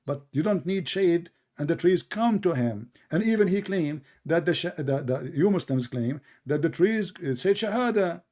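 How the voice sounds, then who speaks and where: Brief: male debate host, sarcastic and combative, higher voice. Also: expressive, normal speed, hardly any pauses, warm tone. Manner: sarcastic, combative, non-native English. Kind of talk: mocking religious debate.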